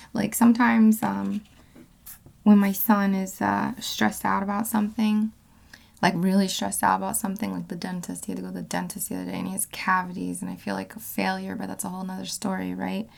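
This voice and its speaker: A woman talks through a tarot reading in a loose, rambling way, correcting herself often. Her voice has a gravelly fry at a middle pitch, and she slips into a hushed whisper at times. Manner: rambling, with many fillers and self-corrections. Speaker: tarot card reader.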